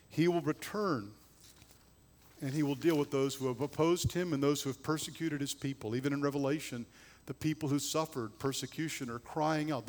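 A man preaching a sermon, swinging between loud emphasis and low, hushed passages. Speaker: pastor.

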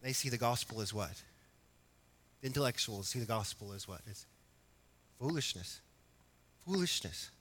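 A man preaching an expository sermon, emphatic at times and quiet at others, asking his congregation questions. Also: medium pitch, a little slow, long pauses. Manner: emphatic, rising to loud exhortation, then quiet and reflective. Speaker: pastor.

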